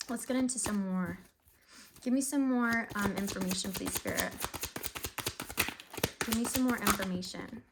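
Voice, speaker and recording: A woman's voice: medium pitch, fairly quick, noisy background. Young woman reading tarot cards, chatty, sighs a lot, gets emotional. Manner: chatty, emotional, filler-heavy, sighs often. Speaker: tarot reader. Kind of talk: casual tarot reading to camera.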